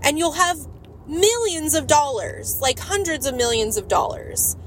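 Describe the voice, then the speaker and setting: An ambitious, pushy executive, as a woman puts him on eagerly stacks one plan on top of the next. His voice sits a little high and keeps its persuasive push throughout. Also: big pitch swings, unhurried, slight background noise, low-quality recording. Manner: eager, persuasive, piling on plans.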